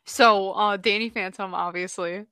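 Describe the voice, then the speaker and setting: A woman's voice: medium pitch, fairly even intonation, measured pace, sharp tone, smooth, dry recording. A young woman chatting casually on a voice call, giggly and full of "like". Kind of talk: casual chat. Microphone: voice chat call.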